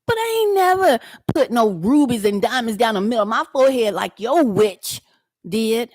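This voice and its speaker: A woman's voice: fairly high pitch, expressive, moderate pace, a little mellow, dry recording, clean studio sound. A woman doing a reaction video, answering a man confrontationally, drawling and repeating words for emphasis. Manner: confrontational and mocking, talks straight at the person she answers. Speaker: YouTube commentator.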